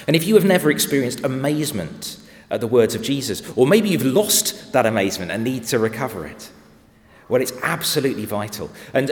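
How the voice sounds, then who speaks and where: A man preaching a sermon from a church pulpit, emphatic, swinging between quiet reflection and loud, pointed stresses. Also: medium pitch. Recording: long church hall reverb.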